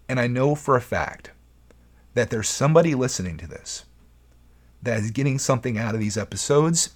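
A young man hosting his own podcast, talking casually and earnestly with frequent restarts. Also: on the low side. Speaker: podcast host. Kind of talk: casual solo podcast talk.

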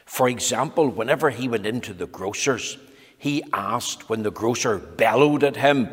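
Man reading to the children, slightly breathy voice, reverby room, talks to the kids directly. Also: medium pitch, moderate pace. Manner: animated, dramatic, addresses the children directly. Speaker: children's storyteller. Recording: echoey hall reverb.

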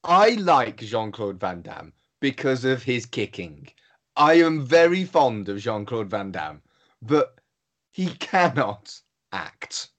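Male co-host, dry wit, expressive intonation. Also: medium pitch, slow pace. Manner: dry, teasing remarks. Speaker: podcast co-host. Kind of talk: casual banter.

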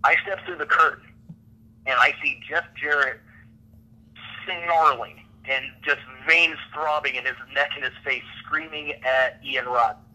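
A man's voice: a little high, steady tone, a little slow, bright, forceful tone, poor audio. A man casually telling a rambling backstage story on a podcast, often laughing between lines.

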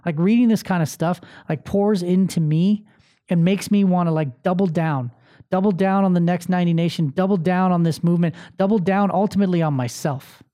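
A man's voice: high voice, brisk, warm tone. A man hosting his own podcast and coaching show. He talks in a casual, emphatic way, swears freely and repeats phrases to drive them home. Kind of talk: casual motivational monologue. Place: filming himself on camera.

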